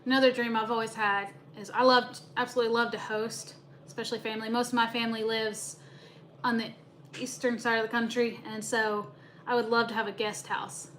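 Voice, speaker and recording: A young woman, hosting a casual livestream chat, talkative and quick to laugh as she greets viewers. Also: on the high side, level tone, fairly bright tone, slight background noise. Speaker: livestream host.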